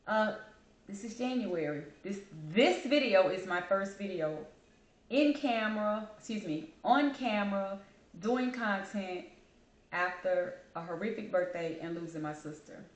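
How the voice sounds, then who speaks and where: A woman speaks straight to her camera in a personal vlog, grieving and fighting back tears. She stays candid and heartfelt, calls her viewers y'all, and sits at a middle pitch in a room with a noticeable echo. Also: animated, unhurried. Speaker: channel host.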